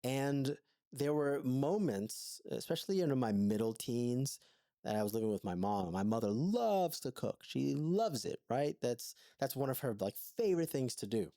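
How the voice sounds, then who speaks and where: A man's voice: medium pitch, very animated, a little slow, warm tone, dry recording, clean studio sound. A man co-hosting a podcast, telling his story in an earnest, thoughtful way in an intimate conversation. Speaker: podcast co-host.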